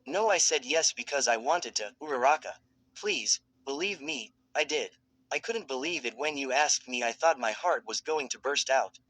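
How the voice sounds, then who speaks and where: A man's voice: medium pitch, lively intonation, normal speed, fairly bright tone, no echo, poor audio. A man voicing a desperate young man who pleads and apologizes during a fan fiction reading. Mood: pleading. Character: desperate young man fighting his own body.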